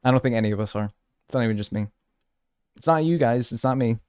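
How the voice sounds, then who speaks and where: A man's voice: medium pitch, fast, darkish tone, smooth, no room sound. A man chatting casually with his live-stream audience, playful and mock-outraged, swearing as he jokes.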